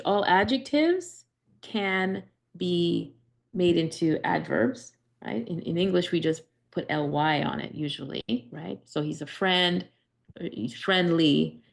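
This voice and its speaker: A woman's voice: on the low side, creaky. A woman teaching a Greek grammar class, explaining step by step with frequent "right?" checks and restarts. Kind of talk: live class lesson.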